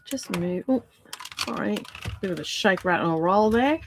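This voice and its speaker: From her home craft room, an Australian woman in middle age chats on a crafting live stream against a noisy background. She has a mid-range voice with lively intonation and a moderate pace, rambling and saying um often.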